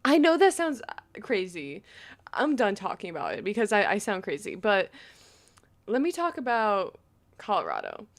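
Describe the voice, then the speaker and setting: Young female gaming vlogger from Long Island; slight lisp, animated, wandering delivery. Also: mid-range voice, moderate pace. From New York, Long Island. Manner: rambling, chatty, full of "like". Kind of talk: casual chat while gaming.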